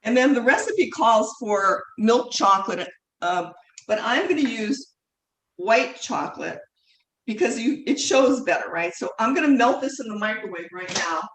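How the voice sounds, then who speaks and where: A woman's voice: a little high, animated, normal speed, fairly bright tone. A woman teaching a live online cooking class from her kitchen, talking in a chatty, rambling way full of fillers and self-corrections. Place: home kitchen. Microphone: video call mic at a distance. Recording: echoey kitchen, distant mic, faint noise.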